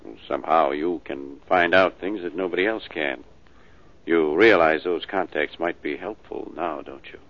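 An actor in an old radio drama playing a formal, earnest insurance adjuster. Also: male voice, a bass voice, normal speed. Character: earnest male insurance adjuster, businesslike and persuasive. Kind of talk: 1940s radio acting. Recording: dull old radio broadcast.

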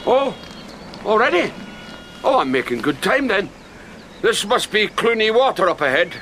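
A vain old Scottish poet, grandiloquent and theatrical. His voice sits high and bright and swoops through a wide range. It is a film drama. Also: big pitch swings, normal speed, slight background noise. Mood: jovial. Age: older. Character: vain older male wandering poet, pompous. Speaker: actor.

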